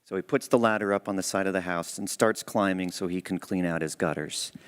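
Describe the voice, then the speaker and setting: A man's voice: deep voice, brisk, a bit bright, smooth. A man giving a church talk, telling a story in an earnest, conversational way. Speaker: church speaker. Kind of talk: sermon storytelling.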